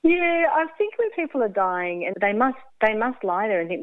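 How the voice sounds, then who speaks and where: A woman's voice: medium pitch, sing-song, moderate pace, no room sound. A woman guest telling a personal story in a radio interview, candid and laughing often, acting out what people said. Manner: candid, laughs often, acts out quoted speech. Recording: tinny phone-like line, dry.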